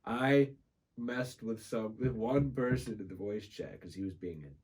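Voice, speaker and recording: A man on a podcast as a guest, telling a story in a casual, animated way, laughing and swearing freely. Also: fairly low pitch, unhurried, slightly rough.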